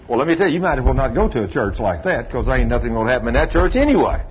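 Preaching in a sing-song, rapid-fire delivery with few pauses, a man with a medium-pitched voice works through his sermon as a folksy storyteller. He voices the people in his stories, acting out their dialogue. Faint hiss runs under the dull, lo-fi recording.

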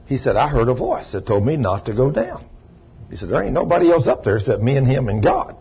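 A man preaching a sermon, telling a long rambling story in a folksy way and breaking into shouts of praise. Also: mid-range voice, very animated, quick pace, husky. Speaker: pastor. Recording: muffled lo-fi recording.

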